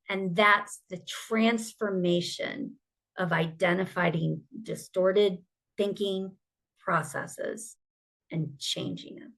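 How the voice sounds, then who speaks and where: Gravelly-voiced lady preaching her own recovery story, earnest and emphatic. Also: on the low side, fairly even intonation, slow pace, fairly bright tone. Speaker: survivor advocate. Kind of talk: personal testimony talk.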